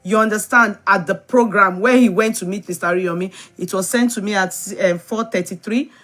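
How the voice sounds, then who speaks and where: A woman's voice: mid-range voice, a little fast, fairly bright tone. A woman hosting a talk show discussion, reading a letter aloud with laughs between. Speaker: show host.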